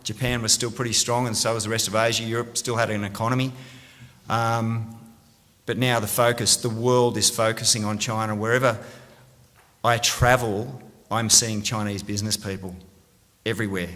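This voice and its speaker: A man's voice: lowish voice, little pitch movement, moderate pace, fairly bright tone. A middle-aged Australian man giving a conference talk, upbeat and drawing the audience in with questions. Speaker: conference speaker. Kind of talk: conference presentation. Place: large conference room. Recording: reverberant hall.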